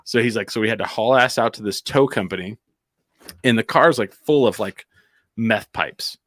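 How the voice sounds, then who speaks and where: A man's voice: lowish voice, moderate pace, fairly bright tone, dry recording, clean studio sound. Rambling man telling a story. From Albuquerque, New Mexico. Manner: rambling, heavy on "like" and restarts. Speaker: storyteller on a comedy podcast. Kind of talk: casual anecdote telling.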